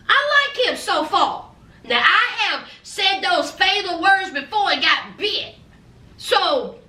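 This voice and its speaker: Speaking casually to camera, a woman who reviews reality TV recaps an episode in a sassy, gossipy, playful way. Her voice is extremely high, bright and forceful, and the recording sounds echoey, as if she's far from the mic.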